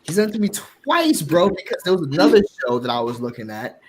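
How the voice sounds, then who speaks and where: A man hosting a podcast, telling stories in casual chat, animated and swearing freely. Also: a little high, quick pace, a little hiss or hum. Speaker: podcast host.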